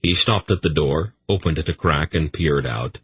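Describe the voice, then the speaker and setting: A man narrating a fantasy audiobook in a measured storytelling manner. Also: rumbling low, fairly bright tone, slightly rough, dry recording.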